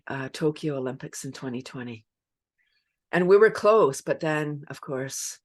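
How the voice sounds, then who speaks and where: A low-pitched woman in middle age talks in a casual, animated interview. She laughs easily and acts out bursts of laughter while she explains. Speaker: laughter yoga leader and guest.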